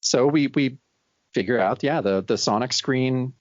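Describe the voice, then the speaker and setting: A man co-hosting a comic book podcast, commenting with laughs and animated asides. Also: mid-range voice, a little slow, no room sound, lo-fi sound. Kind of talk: casual chat.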